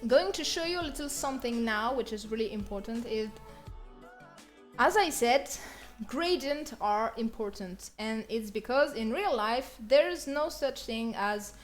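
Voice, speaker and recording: A young French woman with a French accent, chatting casually on her art live stream, bubbly and quick to laugh. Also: animated, faint music behind. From France. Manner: bubbly, laughs often, slips into squeaky bursts.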